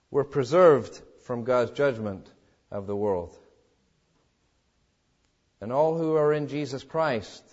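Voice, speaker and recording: A man preaching a sermon in an emphatic way, swinging between loud exhortations and quiet, low passages. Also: highs cut off. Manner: emphatic preaching with wide swings in pitch and loudness.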